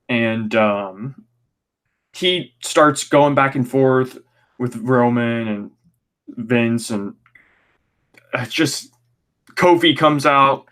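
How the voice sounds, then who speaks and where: A man's voice: mid-range voice, drawn-out words, long pauses, fairly bright tone. Ranting, sarcastic male podcast host. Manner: ranting, sarcastic, swears freely. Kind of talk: casual wrestling review podcast.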